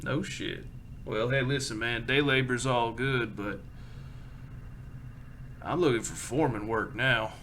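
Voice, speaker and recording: A man voicing a rough, friendly young cowhand who swears freely and talks shop. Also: mid-range voice, measured pace, long pauses, fairly bright tone, slight background noise, close to an everyday voice. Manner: crude, swearing, backslapping.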